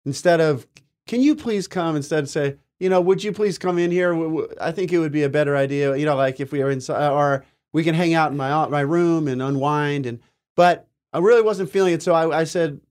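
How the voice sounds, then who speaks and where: A man's voice: fairly high pitch, a little fast, a little mellow. A man co-hosting a spiritual talk show, telling earnest, rambling personal stories in casual chat.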